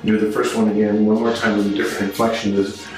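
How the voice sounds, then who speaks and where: Low-voiced man coaching line delivery. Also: level tone, quick pace. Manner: patient, corrective coaching. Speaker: director coaching a performer. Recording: very echoey with music.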